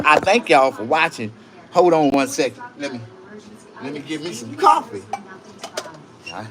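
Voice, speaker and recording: A man rambling on a livestream about tattoos, his shirt and a rap feud, out of breath, with loud bursts and mumbled asides. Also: on the high side. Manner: rambling and animated, swinging between loud outbursts and mumbling. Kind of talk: casual livestream rant.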